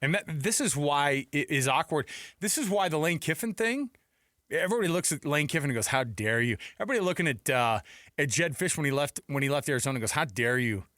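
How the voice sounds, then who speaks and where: Male sports radio co-host, animated and emphatic, a bit high-pitched, dry close mic. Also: fast talker, dry recording. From United States. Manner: emphatic, acts out quotes with rhetorical questions.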